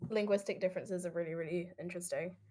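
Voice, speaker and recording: A woman's voice: fairly low pitch, steady tone, fast, warm tone, slight background noise. A young woman with a British accent chatting casually, telling anecdotes with lots of "like" fillers. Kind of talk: casual chat.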